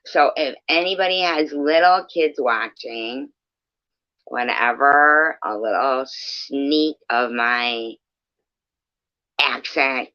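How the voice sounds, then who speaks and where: A woman's voice: extremely low pitch, lively intonation, slow pace, long pauses, no room sound, highs cut off. A woman chatting casually with her viewers, joking, laughing often and swearing freely. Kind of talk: casual live chat.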